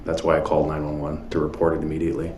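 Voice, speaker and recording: A police officer, a man, testifying on the witness stand and giving short, measured answers. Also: rumbling low, completely flat delivery, darkish tone. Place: large courtroom. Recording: echoey courtroom with faint room noise.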